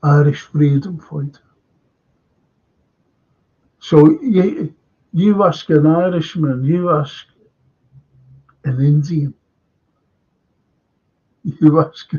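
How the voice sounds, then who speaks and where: Drawing out his words and pausing often, an older man with a Liverpool accent rambles through a live stream, reading comments and restarting again and again. His voice sits on the high side, dark in tone and slightly rough. The sound is dull, lo-fi stream quality.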